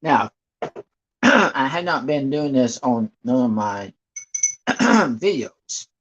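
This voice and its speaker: A man chatting slowly in a rambling way to live-stream viewers, often clearing his throat. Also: mid-range voice, very animated, fairly bright tone. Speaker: livestreamer painting for viewers. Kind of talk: casual live-stream chat. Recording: dull lo-fi stream audio.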